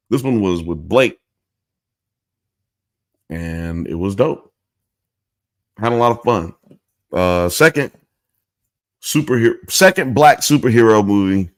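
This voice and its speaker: A male podcast host chats during a live show in a loose, rambling, slangy way. His voice sits low, and the studio-quality recording has no echo.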